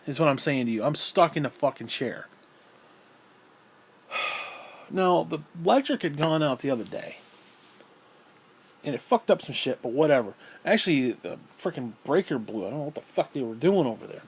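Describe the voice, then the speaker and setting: A man's voice: fairly high pitch, husky. A man telling a rambling story at home in a casual vlog, swearing freely and sighing often. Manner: profane, rambling, frequent sighs. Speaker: vlogger. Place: at home, indoors.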